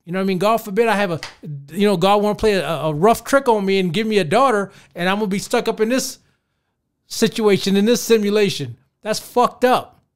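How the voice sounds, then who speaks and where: A man in his thirties hosting a podcast, ranting in a casual, profane, animated way and talking straight to his listeners. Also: sits high, brisk, clean tone. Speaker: podcast host.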